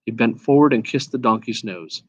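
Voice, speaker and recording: Male reader of a children's novel, steady read-aloud, mid-pitched, dry close sound. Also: moderate pace, breathy edge, no echo. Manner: steady, with occasional slips and restarts.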